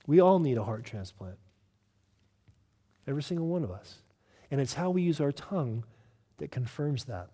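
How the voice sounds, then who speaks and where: A male pastor preaching a sermon with emphatic delivery, swinging from loud urgent lines to hushed ones. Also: a little high, lively intonation, moderate pace, long pauses, big-room sound.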